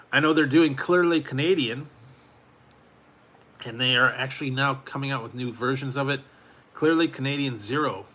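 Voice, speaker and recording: A man's voice: mid-range voice, bright, forceful tone. A man hosting a late-night food review live stream, rambling casually and chuckling as he talks to chat viewers.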